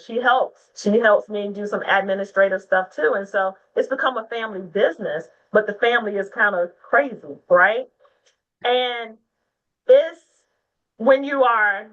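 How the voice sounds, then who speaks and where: A woman's voice: medium pitch, a bit bright, recorded from a distance, highs cut off. A woman hosting a casual video call forum, talking emphatically and like a preacher. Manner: emphatic, preachy, rising to a near-crying rally. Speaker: host of a women's agent forum. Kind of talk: casual chat.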